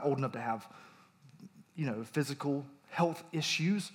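A man in his thirties delivers a sermon as a pastor, telling personal stories before turning to scripture. His voice sits a little high, and he talks casually but pushes up on the lines he stresses. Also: brisk. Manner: conversational storytelling, emphatic rises.

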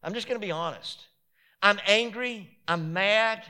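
A pastor preaching a sermon in an emphatic, repetitive way that builds to shouted peaks. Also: male voice, high voice, a little slow.

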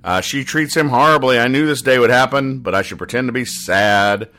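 A man's voice: medium pitch, fairly quick, pushed and bright, natural voice. A man reading out a scheming old mother from a comic strip with a gleeful, plotting delivery.

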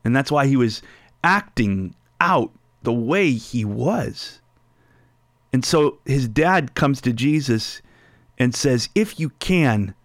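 A man's voice: mid-range voice, expressive, takes it slowly, no echo, studio quality. A man preaching a sermon, reading scripture aloud and explaining it line by line. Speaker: pastor.

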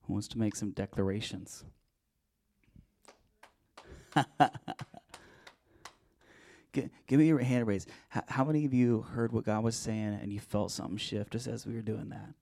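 Gravelly-voiced man leading prayer declarations. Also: fairly low pitch, fairly even intonation, moderate pace, long pauses, warm tone. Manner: leads the congregation in repeat-after-me prayers and declarations. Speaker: pastor. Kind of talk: charismatic sermon and prayer ministry.

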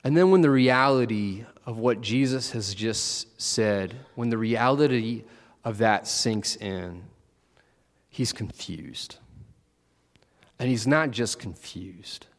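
A man's voice: medium pitch, takes it slowly, long reverb tail. A man preaching a conversational sermon, acting out the disciples with playful asides.

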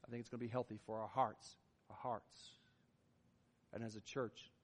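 A male pastor gives an emphatic sermon in a mid-range, steady voice, his volume swelling and dropping. He moves at a moderate pace and leaves long pauses. The sound echoes with long hall reverb.

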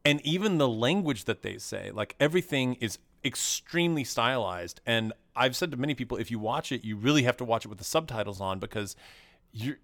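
A man's voice: mid-range voice, lively intonation, a little fast, a bit bright. Rambling man on a movie podcast. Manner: rambling, many restarts and fillers, crude jokes. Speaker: podcast co-host. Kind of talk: casual chat about movies.

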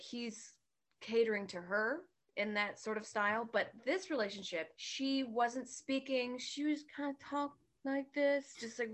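A woman's voice: medium pitch, a bit bright. A woman who works as a bartender, chatting casually as a podcast guest, telling stories candidly and laughing often.

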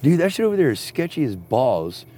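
A man's voice: medium pitch, big pitch swings, brisk, warm tone, breathy edge. A man telling rambling, profane stories in casual chat, recorded outdoors at a campsite. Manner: rambling, heavily profane storytelling.

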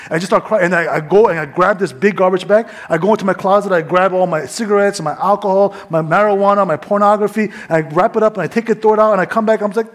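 A young man preaching his testimony, swinging between hushed whispers and loud fervent bursts. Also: fairly high pitch, fast. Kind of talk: testimony sermon.

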